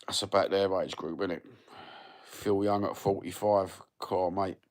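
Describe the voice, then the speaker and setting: Fifties geezer, very deep voice, laid-back sweary banter with viewers. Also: male voice, level tone, a little slow. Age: 50s. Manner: sweary, blokey banter with lots of fillers. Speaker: livestreamer reading viewer comments. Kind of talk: casual rambling chat.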